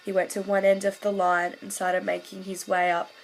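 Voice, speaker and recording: A woman's voice: mid-range voice, monotone, vocal fry, low-quality recording. A woman, telling a fan story in casual vlog chat, gushing along with lots of "like" fillers. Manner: gushing, fast-flowing recount full of "like" fillers. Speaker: vlogger.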